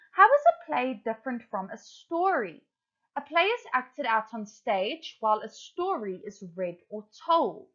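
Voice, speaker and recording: A woman teaching a children's English class, explaining each step briskly. Her voice sits fairly high and moves around a lot in pitch. The recording sounds dull and lo-fi. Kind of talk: online English lesson for children.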